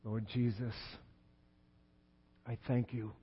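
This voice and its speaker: A pastor telling a story in his sermon, swinging from hushed near-whispers to excited shouts. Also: medium pitch, slow pace, breathy edge. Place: church sanctuary. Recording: reverberant hall, slightly dull sound.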